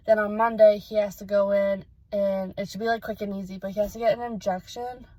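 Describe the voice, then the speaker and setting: A woman's voice: medium pitch, flat delivery, fairly quick, mellow, poor audio. A young adult woman giving a casual vlog update, rambling and emotional with many fillers. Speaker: vlogger.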